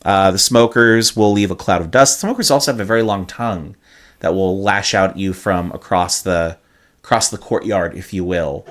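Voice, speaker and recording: A man's voice: low-pitched, moderate pace, fairly bright tone. A man co-hosting a casual podcast, explaining things at length with hyperbole, cursing and many "uh"s. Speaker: podcast co-host.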